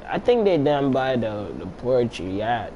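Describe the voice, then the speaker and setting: A man's voice: mid-range voice, very animated, slow, dark tone, muffled recording. Young man, casual game commentary, slangy and profane, mid-range voice, faint background hiss. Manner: slangy, profane, talks to himself while playing. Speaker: gameplay commentator.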